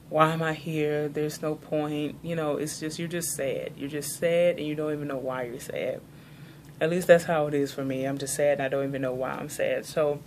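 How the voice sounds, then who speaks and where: A woman's voice: low-pitched, slight background noise. A young woman from the American South, chatting casually in a haul vlog, rambling and filling her talk with "like". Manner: rambling, chatty, many "like" fillers. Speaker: vlogger.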